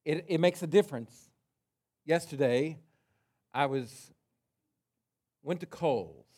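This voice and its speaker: A pastor preaching a sermon to his congregation in a conversational way, telling a story with quiet asides. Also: a little high, slow pace, breathy edge.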